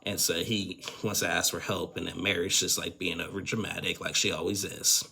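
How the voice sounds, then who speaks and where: Low gravelly man recapping reality TV. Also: level tone, fairly quick, bright, forceful tone. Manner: rambling, filler-heavy, frank opinions. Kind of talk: casual opinionated TV recap.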